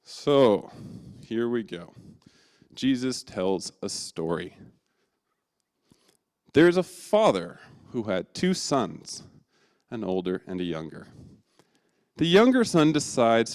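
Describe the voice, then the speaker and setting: A male preacher tells a childhood story, his voice rising and falling a lot. He sounds casual and self-deprecating, with a middle-pitched voice. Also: sing-song, takes it slowly, long pauses, a little mellow. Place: church.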